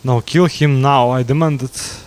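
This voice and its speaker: Guy reading a bossy witch lady, plain slow read. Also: medium pitch, fairly even intonation, smooth, natural voice. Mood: demanding. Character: scheming female witch.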